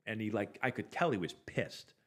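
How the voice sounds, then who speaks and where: Rambling middle-aged man, lower voice. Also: animated, moderate pace, fairly bright tone. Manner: rambling, loose, full of "like" and restarts. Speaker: former pro ballplayer hosting a live stream. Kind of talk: casual anecdotal storytelling.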